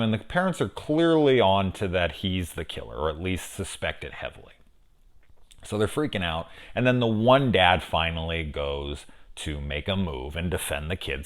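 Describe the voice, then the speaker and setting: A man's voice: deep voice, normal speed. Guy doing a casual movie review rant, swears a lot, voice swings way up and down. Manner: animated, incredulous, swears often. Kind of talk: casual spoiler review chat.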